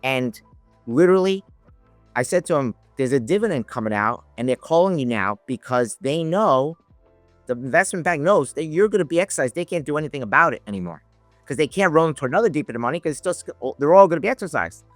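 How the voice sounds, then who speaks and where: As a guest on a podcast, a man who trades options rambles through a casual story with many restarts, voicing each character's lines. He speaks quickly in a fairly high, expressive voice, with no room sound and faint music behind.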